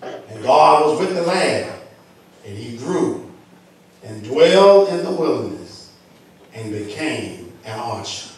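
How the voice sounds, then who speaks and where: A male pastor with a Southern US accent, reading scripture slowly and then preaching with rising emphasis in a church. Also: mid-range voice, big pitch swings, darkish tone. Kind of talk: sermon. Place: church sanctuary. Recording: echoey hall, distant mic.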